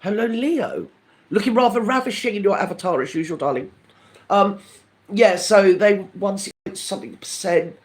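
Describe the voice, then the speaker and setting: An older man hosts a live stream, chatting with viewers in a camp, gossipy manner and calling everyone darling. His high-pitched voice moves at normal speed, lively and animated as it swings up and down.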